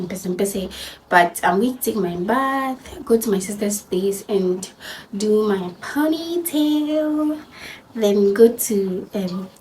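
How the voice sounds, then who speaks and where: A woman's voice: medium pitch, a little mellow, a little hiss or hum, rough recording. A young woman vlogging in a casual chat, walking through her plans for the day.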